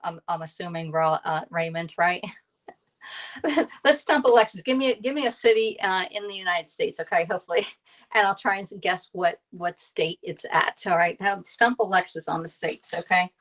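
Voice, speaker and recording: A woman's voice: fairly low pitch, normal speed, a bit bright. A woman in her thirties from Pennsylvania chatting casually with viewers while cooking on a live stream, laughing often and greeting people by name. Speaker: cooking live-streamer and kitchen tools consultant.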